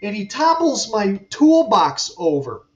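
A man with a fairly high voice tells an off-the-cuff work story, cursing freely and drifting into asides. He sounds a little distant from the mic. The recording has a dull, muffled tone. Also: big pitch swings, measured pace. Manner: rambling and profane, with frequent fillers and asides. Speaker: aircraft mechanic podcast host. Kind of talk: casual storytelling monologue.

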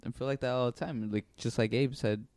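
A man's voice: medium pitch, steady tone, fairly quick, a little mellow, dry recording. A man co-hosting a casual podcast in an easygoing, agreeable manner. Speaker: podcast co-host. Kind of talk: casual chat.

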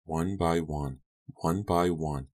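A man reading the part of an unhinged young woman, speaking quietly with calm, eerie menace. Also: sits low, takes it slowly. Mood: quietly menacing.

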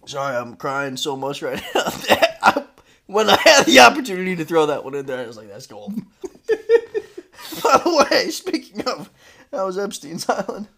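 A male podcast host with a bouncy, animated voice that swings all over as he jokes around. He talks in loose, casual chat and keeps cracking himself up with squealing laughter. He also reads chatbot replies aloud. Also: sits high, normal speed, gravelly. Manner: breaks into hard, squealing laughter.

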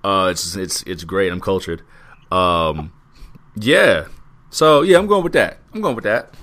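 A man's voice: low-pitched, lively intonation, fairly bright tone. A man co-hosting a wrestling podcast, talking casually and profanely, drawing out his recaps. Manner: laid-back, profane, drawn-out recaps. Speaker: podcast co-host.

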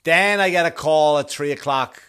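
Swearing, exasperated man ranting solo, slightly high-pitched. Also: moderate pace, sharp tone, smooth. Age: adult father. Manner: sarcastic, exasperated, swears constantly. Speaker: podcast host. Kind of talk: profane ranting monologue.

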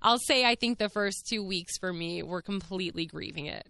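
A woman's voice: medium pitch, moderate pace, vocal fry, sharp tone. A young woman hosting her own podcast, chatting candidly about her life in a casual way, with frequent laughs and lots of fillers. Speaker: podcast host. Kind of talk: casual personal chat.

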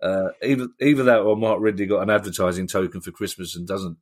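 A man's voice: sits low, fairly even intonation, quick pace. A man hosting a podcast, talking in a wry, playful way with theatrical asides. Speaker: podcast host. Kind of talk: casual chat.

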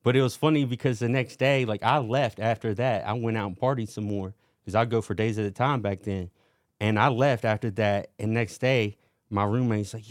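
A man's voice: fairly low pitch, steady tone, normal speed, no room sound, clean studio sound. A man casually telling wild party stories in a podcast chat, slangy and laughing at himself. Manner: laid-back, slangy, laughing at his own stories.

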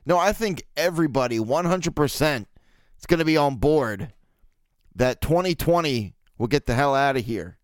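A man's voice: a little high, lively intonation, normal speed, no echo, studio quality. A man in his thirties from Baltimore hosting a solo podcast, rambling and joking crudely with lots of fillers. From Baltimore, USA. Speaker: podcast host. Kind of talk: casual solo podcast chat.

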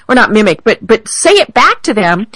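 A woman's voice: on the high side, moderate pace, no room sound, rough recording. A woman hosting a podcast interview, agreeable and chatty, affirming her guest often. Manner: lively, agreeable, frequent affirmations. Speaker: podcast host.

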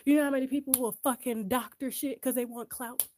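Really high-pitched lady going off on a gossip vlog, cussing nonstop, firing question after question. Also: steady tone, brisk, few pauses, darkish tone, slight background noise. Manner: profane, taunting, repetitive rhetorical questions. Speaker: gossip channel host. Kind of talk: profane ranting vlog. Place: her closet at home.

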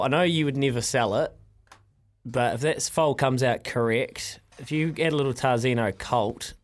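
A man hosting a casual radio chat, joking and self-deprecating. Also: medium pitch. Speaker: radio host.

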